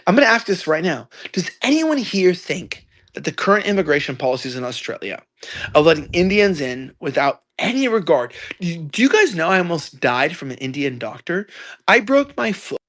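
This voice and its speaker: A young man in his twenties telling a story loudly, ranting and acting out quoted lines. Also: on the high side, very animated, moderate pace. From United States. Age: 20s. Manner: loud, ranting, acts out quotes. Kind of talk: animated storytelling.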